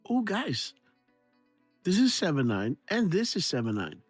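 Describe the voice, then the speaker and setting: A man's voice: high voice, huge pitch swings, a little slow, slightly rough, dry recording. Guy chatting on a livestream, laughs a lot, mimics sounds, dry close sound, music behind. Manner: laughing, repeats himself, imitates sound effects. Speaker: livestream host. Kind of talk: casual livestream commentary.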